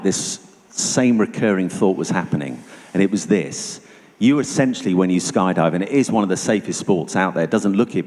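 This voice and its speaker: A man giving a personal testimony to an audience as a guest speaker, telling it vividly and going hushed at tense moments. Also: low voice. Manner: vivid storytelling, dropping to hushed tones for tension. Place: church hall. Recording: long reverb of a church hall.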